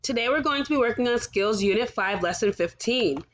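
A woman's voice: on the high side, animated, a little fast, muffled recording. A woman teaching a recorded kindergarten lesson, encouraging the children and sounding out letters one by one.

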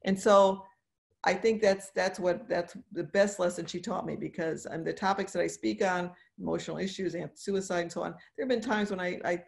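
A woman's voice: fairly low pitch, gravelly. A woman in her sixties, a dentist and speaker, talking earnestly in a podcast interview, encouraging and repeating phrases for emphasis. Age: 60s.

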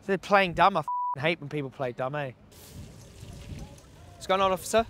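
A high-pitched man with a bright, cutting voice, heckling workers and passers-by outside a slaughterhouse. He talks bluntly and swears freely as he argues. The sound comes from a handheld camera out on the street. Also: moderate pace, slight background noise. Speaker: animal rights activist. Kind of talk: confrontational street activism. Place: outdoors by a slaughterhouse.

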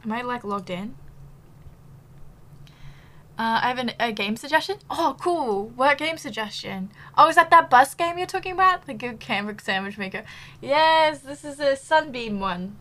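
A bubbly woman streamer chats casually with her viewers, giggling often and filling gaps with ums. Her voice sits a little high and sounds bright, and she is slightly out of breath. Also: expressive, moderate pace. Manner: bubbly, giggly, chatty with many fillers. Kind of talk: casual live-stream chat.

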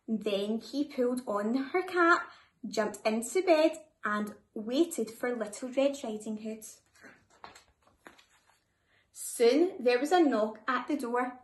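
Lady reading a kids story out loud, high voice, takes her time, very expressive. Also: takes it slowly. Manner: lively, expressive read-aloud. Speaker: storyteller for children. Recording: echoey room.

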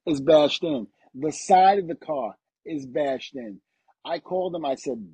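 A man's voice: on the high side, unhurried, dark tone, breathy edge, dry recording, poor audio. A middle-aged man, a retired pro wrestler, telling casual anecdotes as a guest and laughing through them.

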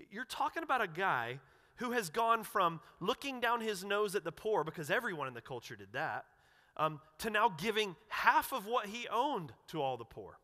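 A male pastor preaches in a relaxed, conversational way, with a fairly high voice and a bright, forceful edge. He acts out the quotes he reads and restarts phrases as he goes. His voice rings out in a church hall with a long reverb. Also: normal speed. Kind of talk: conversational sermon. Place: church sanctuary.

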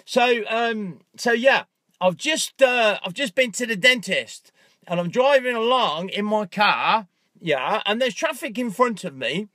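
Male vlogger in his car, high bright voice, dry close mic, lively storyteller who bursts into loud acted-out anger. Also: measured pace, no echo. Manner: animated storyteller, acts out his own angry thoughts with loud outbursts and swearing. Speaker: motivational vlogger. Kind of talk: casual vlog, talking to camera. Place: inside a parked car. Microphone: handheld phone camera.

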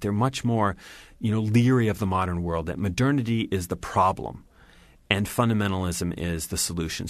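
A man's voice: on the low side, fairly bright tone, dry recording. A man answering interview questions as a religion scholar, thoughtful, with fillers and restarts.

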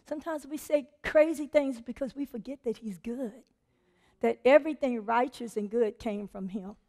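A woman preaching a sermon in an animated, conversational way, laughing often and acting out quotes. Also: fairly high pitch, moderate pace. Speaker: preacher and teacher.

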